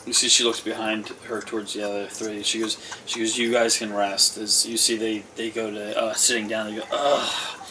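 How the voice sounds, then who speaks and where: A man's voice: fairly low pitch, monotone, fairly quick. Rambling man narrating a tabletop game. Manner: rambling, filler-heavy description. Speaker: game master. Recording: distant mic with clear background noise.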